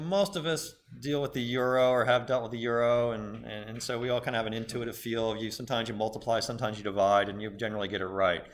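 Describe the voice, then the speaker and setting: A man's voice: mid-range voice, fairly bright tone. Male business school lecturer explaining to a class. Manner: conversational, explanatory, self-correcting.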